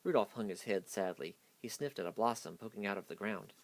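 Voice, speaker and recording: Low-voiced man reading a kids' book. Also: fairly quick, gravelly. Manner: hasty reading. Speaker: storyteller. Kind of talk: reading a children's picture book aloud.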